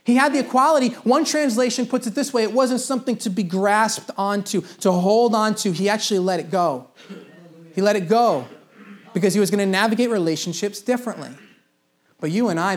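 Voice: medium pitch, a little fast. A pastor preaching a sermon in a conversational way, repeating key phrases for emphasis.

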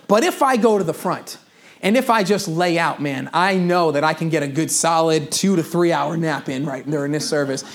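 A young adult man preaching a sermon in a casual storytelling manner, with humorous asides and personal confessions. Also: on the high side. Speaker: pastor.

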